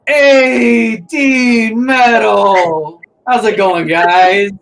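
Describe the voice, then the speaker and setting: Man doing a high, loud, chaotic Boston arcanist who greets everyone with hugs, tabletop game. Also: fairly even intonation, extremely slow, creaky, full character voice. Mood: boisterous. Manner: boisterous, booming greetings. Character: loud chaotic male arcanist, friendly and hug-happy.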